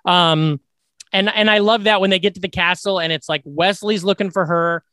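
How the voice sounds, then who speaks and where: A young man co-hosting a casual movie podcast, animated and quoting lines in put-on voices. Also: high-pitched, normal speed, no echo. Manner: animated, acts out movie quotes in funny voices. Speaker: podcast co-host.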